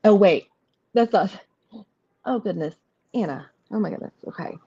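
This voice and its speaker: A woman with a warm, medium-pitched voice and a breathy edge talks at a normal pace while hosting a live tarot reading. Her chat is casual and rambling, packed with fillers, and she reassures viewers by speaking to them directly. The audio comes through slightly muffled, with faint noise.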